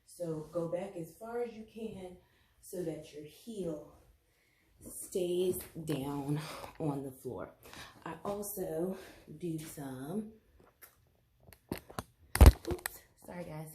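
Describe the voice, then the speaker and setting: A woman talks through foot-pain exercises in an unhurried, low, mellow voice, chatty and apologetic, pausing with ums and restarts. She is recorded by a camera set back in a room with audible echo. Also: slight background noise. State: out of breath. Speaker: health educator. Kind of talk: casual home demonstration.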